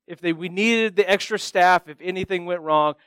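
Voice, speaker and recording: A man giving a sermon, telling personal stories in a self-deprecating, animated way and acting out the other people's voices. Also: sits high, moderate pace, smooth, no room sound, rough recording.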